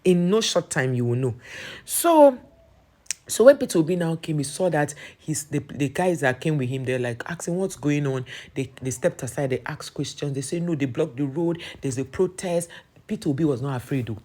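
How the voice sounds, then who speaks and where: A young woman with a Nigerian accent, telling a political story in casual, animated commentary full of restarts. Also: low voice, moderate pace.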